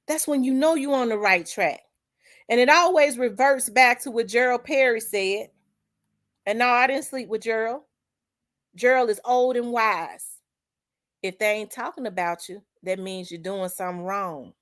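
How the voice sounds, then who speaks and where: A woman's voice: on the high side, normal speed, a bit bright. An emphatic woman speaks to her channel audience in a preaching style. She repeats herself for emphasis and quotes scripture. Her speech is casual and colloquial. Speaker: channel host. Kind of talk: emotional preaching-style monologue.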